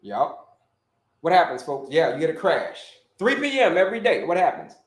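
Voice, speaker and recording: A man's voice: on the high side, normal speed. A man who grew up in Florida, hosting a casual live stream as a health coach, talking energetically, repeating himself and calling out to viewers. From Orlando, Florida. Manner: energetic, repetitive, calls out to viewers. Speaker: health coach and livestream host. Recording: echoey room.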